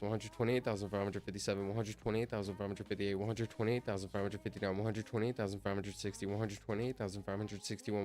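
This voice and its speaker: A man streaming while he counts aloud, chatting casually and drifting off topic as he talks to himself. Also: fairly low pitch. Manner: rambling, easily sidetracked, talks to himself. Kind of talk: casual livestream chat.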